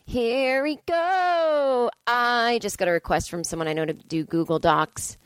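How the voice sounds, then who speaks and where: A woman's voice: lowish voice, brisk, a bit bright, smooth, no room sound. A middle-aged woman hosting a solo comedy podcast, rambling and swearing in a cranky, self-mocking way. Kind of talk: casual solo podcast monologue. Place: indoors.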